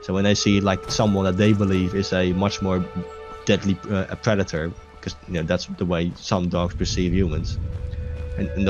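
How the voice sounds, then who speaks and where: A man's voice: low-pitched, highs cut off. A young man chatting casually over gameplay, rambling with lots of restarts and swearing freely. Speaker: gaming video host. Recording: music playing clearly behind voice. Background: game music.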